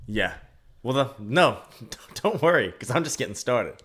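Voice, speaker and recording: A man co-hosting a podcast in casual banter, joking with a deadpan sense of wordplay. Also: mid-range voice, measured pace, breathy edge. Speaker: podcast co-host.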